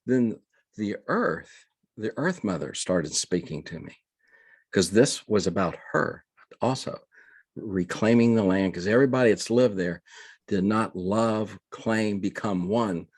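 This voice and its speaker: Low husky older man, earnest. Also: animated, no echo. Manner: earnest, halting storyteller with frequent restarts. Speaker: guest, reverend. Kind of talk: conversational storytelling.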